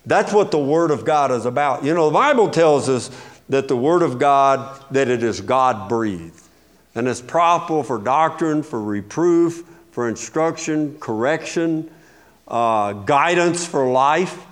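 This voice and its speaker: A man's voice: mid-range voice, animated, unhurried. A man, a pastor, preaching an expository sermon with emphasis, posing rhetorical questions and answering them himself.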